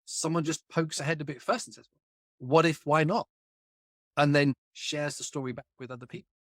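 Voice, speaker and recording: A man's voice: fairly high pitch, steady tone, quick pace, no echo, clean studio sound. A man, an author talking as a guest in a casual conversation, speaking in an emphatic and colloquial way.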